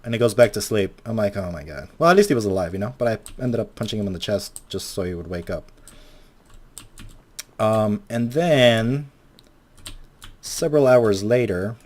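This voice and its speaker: A man's voice: lowish voice, expressive, normal speed. A young man in his twenties telling a rambling, profane story while playing a game, often acting out what people said. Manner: rambling, swears a lot, acts out quotes. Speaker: Minecraft video maker.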